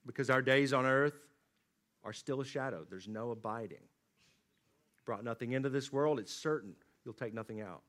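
A man preaching a sermon, swinging from loud emphatic lines to low, quiet drops. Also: moderate pace. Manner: dynamic preaching, rising emphatic then dropping low and quiet. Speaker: pastor.

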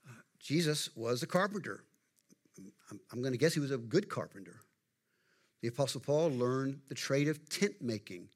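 Middle-aged pastor, folksy sermon delivery, chats with the congregation. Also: male voice, medium pitch, expressive, normal speed, long pauses. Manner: conversational, folksy, asks the congregation questions.

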